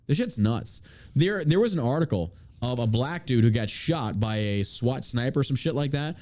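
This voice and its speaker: Male podcast host, angry profane rant, lively pitch, warm dark tone. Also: normal speed. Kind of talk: casual podcast chat.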